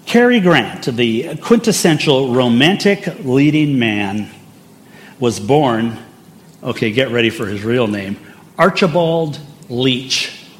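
An older man preaching a sermon, telling stories in a conversational way with side remarks. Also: medium pitch. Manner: conversational and anecdotal, with asides. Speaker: pastor.

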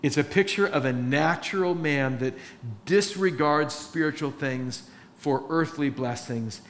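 A man's voice: a little high, measured pace, a little hiss or hum. A man preaching a sermon as pastor, earnest and rising into emphatic exhortation.

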